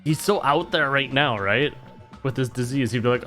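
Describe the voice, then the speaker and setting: While streaming a game, a man voices the characters' lines in playful impressions and jokes around between them in an animated way. His voice is mid-range at a moderate pace, with faint music behind.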